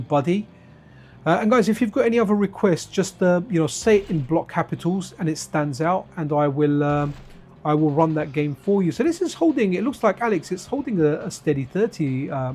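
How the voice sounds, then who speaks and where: A man's voice: a little high, lively intonation, moderate pace, a little mellow. A man chatting casually to his viewers on a live stream while playing retro games, wandering off into side stories and addressing chat by name.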